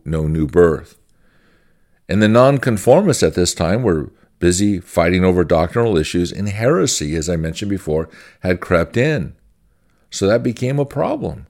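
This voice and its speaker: A man's voice: low-pitched, darkish tone. A man, a pastor, giving an informal church-history teaching in a conversational, folksy way, repeating phrases as he goes.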